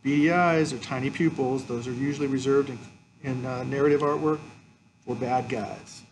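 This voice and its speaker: A man with a medium-pitched, steady voice gives a colored pencil drawing lesson at a moderate pace, with background noise behind him. As an art teacher demonstrating the technique, he walks through each step while he draws, frequently saying "okay."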